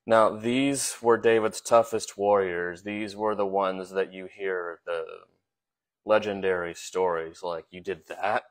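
A man's voice: sits low, steady tone, slow. A man preaching a sermon in a conversational way, with frequent fillers, repeated words and rhetorical questions put to his listeners.

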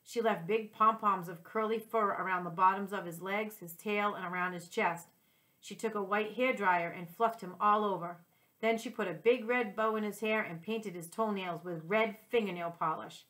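A woman reading a children's chapter book aloud as a teacher, in a gentle and clear storytelling voice. Her pitch sits in a middle range, and she corrects the occasional slip as she goes. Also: steady tone, normal speed. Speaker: second-grade teacher.

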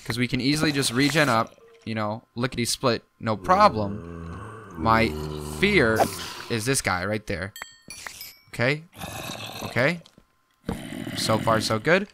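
Lively, excitable young man gaming. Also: mid-range voice, measured pace, pauses often, noisy background. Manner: excitable, jumpy, talks to himself. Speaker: gaming YouTuber. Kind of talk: casual gameplay commentary.

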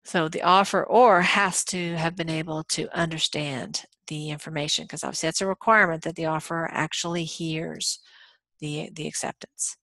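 A woman's voice: sits low, steady tone, normal speed, fairly bright tone, no room sound. A woman lecturing a college law class in a conversational way, with frequent ums and uhs. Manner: conversational, many ums and uhs, acts out quoted dialogue. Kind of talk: recorded lecture.

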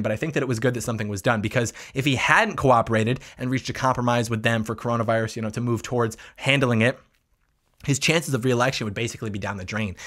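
A man's voice: medium pitch, fairly bright tone. A man hosting his own political commentary channel, talking combatively with mocking asides.

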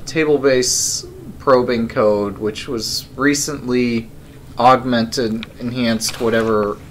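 Slow, musing male programmer. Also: mid-range voice, a bit bright, slight background noise. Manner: thinking aloud, wry, many ums and uhs. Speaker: live-streaming programmer. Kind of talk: casual live coding stream.

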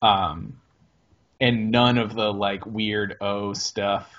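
A man's voice: lowish voice, fairly even intonation, extremely slow, fairly bright tone, dull audio. A man, co-hosting a podcast in casual chat and rambling through hesitant restarts. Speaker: podcast co-host.

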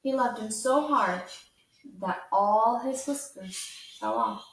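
A woman hosting storytime who reads a children's book aloud in a gentle, expressive way and adds chatty asides. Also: fairly high pitch, takes it slowly. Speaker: storytime host. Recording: echoey room, far from mic.

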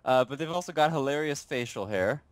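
A man's voice: mid-range voice, expressive, a little fast. A man co-hosting a casual video game commentary in a goofy, exclamatory way. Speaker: co-host.

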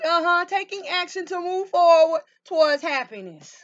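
A woman's voice: very high-pitched, normal speed, a bit bright, muffled recording. A woman reading tarot cards for viewers, emphatic and full of rhetorical questions, calling them baby and honey. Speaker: tarot reader. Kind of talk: tarot card reading to camera.

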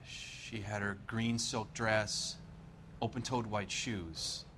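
A man's voice: on the low side, steady tone, takes it slowly, pushed and bright, slight background noise. An actor playing an anxious middle-aged husband and father in a crime game. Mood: worried. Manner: worried, pleading.

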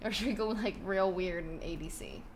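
A woman's voice: medium pitch, fairly quick, a little hiss or hum. A woman chatting casually on a live gaming stream, giggly and scattered, often breaking into laughs.

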